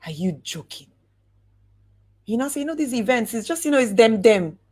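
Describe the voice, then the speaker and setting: A woman giving a lively motivational talk, acting out examples and drawing out words for emphasis. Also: on the high side. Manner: animated, acts out examples, slow drawn-out emphasis. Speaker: speaker coaching on networking.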